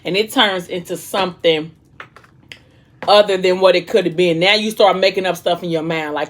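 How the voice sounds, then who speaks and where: A woman's voice: fairly low pitch, moderate pace. A young woman vlogger casually retelling a book in a chatty, slangy way while she eats. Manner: chatty, slangy storytelling, eating between lines. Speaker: vlog host.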